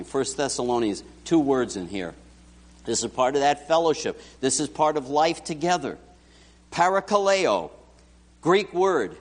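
A man's voice: on the high side, a little slow, long pauses. A man preaching a sermon and often putting questions straight to his congregation. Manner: animated, talks directly to the congregation. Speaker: pastor. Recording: church hall reverb.

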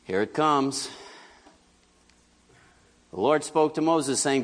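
A middle-aged male pastor delivers a sermon in an easy, conversational way, slipping into quoted voices as he tells his stories. His voice sits at an ordinary pitch for a man. The sound carries a long reverb from a church hall. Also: slow, pauses often. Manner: conversational, animated storytelling with acted quotes.

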